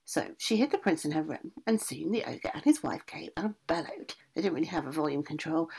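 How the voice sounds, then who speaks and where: A woman storyteller reading a fairy tale with a lively, up-and-down delivery and a husky, breathy grain. She slips in casual asides between the scripted lines. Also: deep voice, brisk, few pauses.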